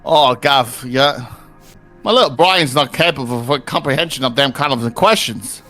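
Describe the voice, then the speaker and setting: A man's voice: medium pitch, normal speed, bright, forceful tone, soft background music, close to an everyday voice. A man voicing a cheeky, chummy male kobold lord who keeps calling the player governor.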